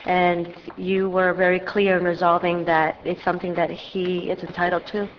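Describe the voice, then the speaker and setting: A woman's voice: lowish voice, little pitch movement, normal speed, slight background noise. A woman speaking as vice mayor at a council meeting, congested, making a careful statement for the record. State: congested, voice low. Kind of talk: council member comment at a meeting. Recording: muffled audio in a reverberant chamber.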